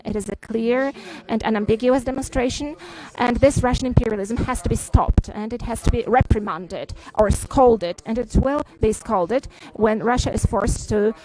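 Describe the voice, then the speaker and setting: A woman renders a head of state's statement for the press as she goes. Her delivery is halting, full of filler sounds and restarts as she searches for words. The tone stays formal and measured throughout. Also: on the high side, warm tone, low-quality recording. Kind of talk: live interpretation of a press briefing.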